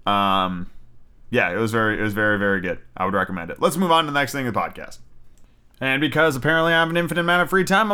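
A man's voice: medium pitch, a little fast, bright, forceful tone, clean tone. A young man hosting a casual solo podcast, chatty and freely swearing, often restarting his sentences. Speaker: podcast host.

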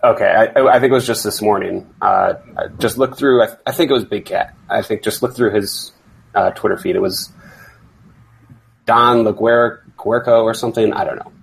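Gravelly low-voiced man chatting casually. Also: low-quality recording. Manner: rambling, halting restarts and laughs. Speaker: fantasy league commissioner and host. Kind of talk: casual podcast chat.

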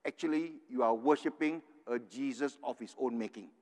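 A man's voice: mid-range voice, moderate pace, a little mellow. An older man from Singapore preaching a sermon, earnest and tagging his points with "right?". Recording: long hall reverb.

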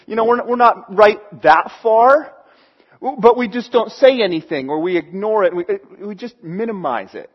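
A man's voice: high-pitched, expressive, normal speed, highs cut off. A man preaching a sermon in a conversational way, acting out the voices he quotes. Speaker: pastor.

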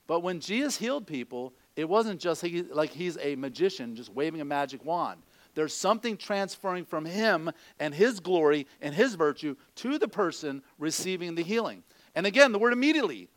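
A male preacher delivers a lively sermon in a fairly high voice. He slips into the voices of doubters and disciples to make his points. The sound is close and dry, with no room echo. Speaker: pastor.

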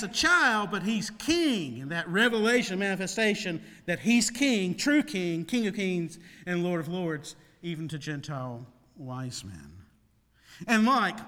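Animated male preacher in a reverberant hall. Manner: animated preaching with dramatic swings in pitch and loudness. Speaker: pastor. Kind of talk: sermon.

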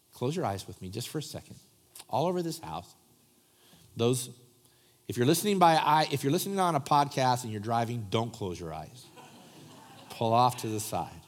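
Pastor preaching, swinging loud to hushed. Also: male voice, mid-range voice. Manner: conversational, swings from loud asides to soft hushed prayer. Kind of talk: sermon. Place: church sanctuary.

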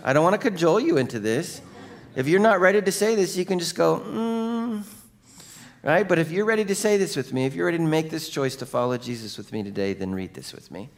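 Talking fast in a fairly high voice, this male pastor gives a lively, conversational sermon. He jokes around and prompts the congregation to respond.

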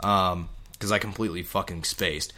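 A man with a fairly low voice hosts a casual podcast. He jokes around, laughs often, and swears freely in relaxed banter. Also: normal speed. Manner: laughing, joking, profane. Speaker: podcast host. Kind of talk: casual comedic chat.

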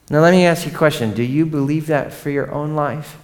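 A man in his thirties preaching a sermon, conversational and animated, often turning to ask the congregation questions. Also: fairly high pitch, a little fast, few pauses. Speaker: pastor.

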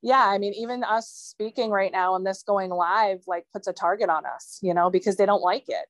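A woman's voice: mid-range voice, a little fast, dry recording. Earnest woman with a dry close sound. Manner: earnest, rambling, with many fillers. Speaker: guest sharing a family story. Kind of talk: emotional personal account.

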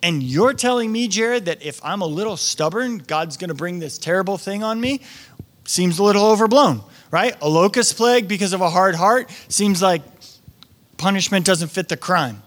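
Lively high-voiced male pastor preaching. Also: moderate pace. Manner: conversational, acts out quoted voices. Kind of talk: sermon.

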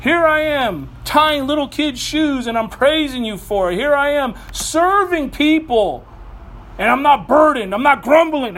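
A man preaching a sermon in a lively, conversational way, full of humor and asides. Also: very high-pitched, measured pace. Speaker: pastor.

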